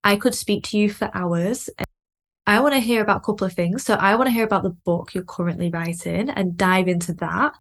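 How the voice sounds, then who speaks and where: A woman's voice: mid-range voice, fairly quick. Chatty woman hosting a podcast. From Lancashire, England. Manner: chatty, lots of "like", laughs easily. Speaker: podcast host. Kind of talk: casual podcast chat.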